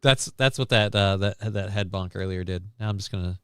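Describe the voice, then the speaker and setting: A man's voice: low-pitched, a little fast, a bit bright, clean tone. A man hosts a casual livestream from his desk, talking off the cuff and tripping over repeated words as he goes. His voice is clean and resonant. The close mic gives a dry sound with no room echo. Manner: rambling, repeats and restarts words. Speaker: streamer host.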